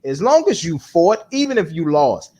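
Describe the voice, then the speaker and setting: A man co-hosting a podcast in casual chat, animated and repeating himself for emphasis. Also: on the high side, normal speed. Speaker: podcast co-host.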